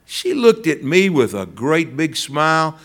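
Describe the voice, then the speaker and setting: Man preaching, talks slow, voice swoops up and down a lot, tells stories and calls folks by name. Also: fairly high pitch, big pitch swings. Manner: storytelling, addressing listeners by name. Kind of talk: sermon.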